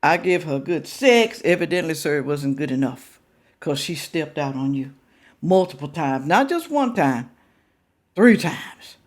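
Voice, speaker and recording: A woman's voice: low-pitched, lively intonation, unhurried, a little mellow. A woman hosting a reaction video, chatting straight to her viewers in a casual, teasing way.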